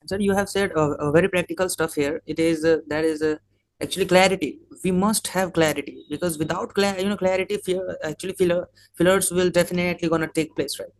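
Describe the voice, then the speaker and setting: A man's voice: high-pitched, fairly even intonation, quick pace. A man hosting an interview, asking questions hesitantly with lots of filler words and calling the guest sir. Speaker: interview host, mindset coach.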